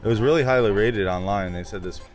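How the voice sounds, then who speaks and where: A man's voice: fairly low pitch, fast talker, soft background music. A man filming a casual travel vlog, chatting about what he sees as he walks around. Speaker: travel vlogger. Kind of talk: casual vlog commentary while walking.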